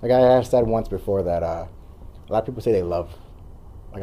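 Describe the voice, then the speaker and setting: A man's voice: lowish voice, fairly quick, mellow. A man in his thirties, a guest talking earnestly in casual conversation and rambling with fillers.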